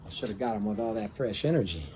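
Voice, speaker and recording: Man playing fetch with dogs, coaxing, sing-song, steady noise outdoors. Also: fairly low pitch, fast. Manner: coaxing, playful pet talk. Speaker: dog owner. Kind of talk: casual talk to dogs while playing fetch. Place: backyard, outdoors.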